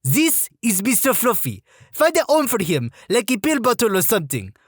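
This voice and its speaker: A man voicing a stern, fussy female drill sergeant with a French-Canadian accent, scolding in a high put-on falsetto. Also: huge pitch swings, normal speed, no echo, clean studio sound, full character voice. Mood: mock formal.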